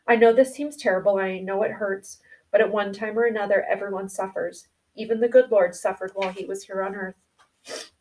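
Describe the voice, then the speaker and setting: Gentle farm mother read by a woman, soft soothing manner, mid pitch, slightly distant mic. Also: steady tone, moderate pace, natural voice. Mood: consoling.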